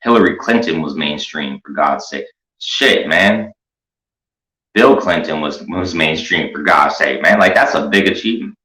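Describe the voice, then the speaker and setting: A man's voice: extremely low pitch, moderate pace, pushed and bright. A man hosting a commentary show, rambling through a crude, mocking, profane rant. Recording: echoey room.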